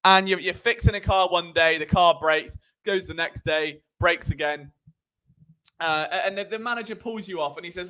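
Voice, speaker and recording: High-voiced man hosting a sports stream. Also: moderate pace. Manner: animated, sarcastic, digressive. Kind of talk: live sports commentary chat.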